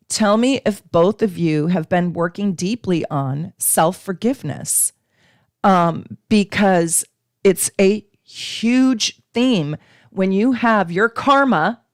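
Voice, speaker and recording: A woman's voice: mid-range voice, darkish tone, no room sound, studio quality. A woman hosting a live astrology stream, teaching casually and chatting with viewers, with frequent ums.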